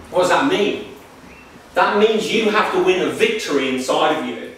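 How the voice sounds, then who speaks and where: A man's voice: sits high, animated, normal speed, a bit bright, heavy reverb. A man giving a spiritual workshop lecture in an emphatic, repetitive, preacher-like way, recorded on a distant mic in a lecture room.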